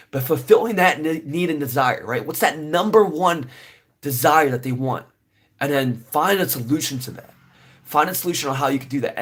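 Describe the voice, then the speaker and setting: A man's voice: a little high, breathy edge. A young man giving casual, rambling business advice to camera, full of fillers and "right?" tags. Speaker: business vlogger.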